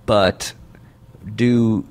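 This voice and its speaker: A man's voice: lowish voice, fairly even intonation, drawn-out words. A young man in casual chat, rambling and self-deprecating, laughing often as he talks.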